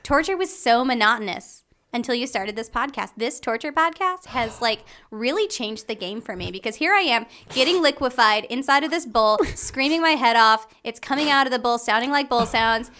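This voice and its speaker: A woman's voice: a little high, expressive, normal speed, hardly any pauses, bright, forceful tone. A woman voicing an obsessive superfan of a podcast who is being tortured in hell, eager and insistent. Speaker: guest. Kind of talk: improvised comedy podcast acting.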